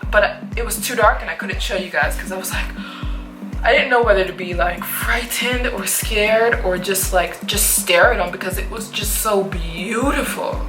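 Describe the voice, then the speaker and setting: A young woman vlogger telling a story in a lively way, full of fillers. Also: mid-range voice, measured pace. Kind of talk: storytime narration. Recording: roomy echo with faint music.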